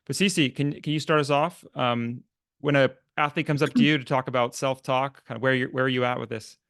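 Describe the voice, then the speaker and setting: A man hosts a podcast panel in an easygoing way, thanking one guest and inviting another to speak. His voice is smooth and resonant, recorded dry and close. He sits at a middle pitch. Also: steady tone, brisk, fairly bright tone, no room sound. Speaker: podcast host. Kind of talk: podcast discussion, moderating.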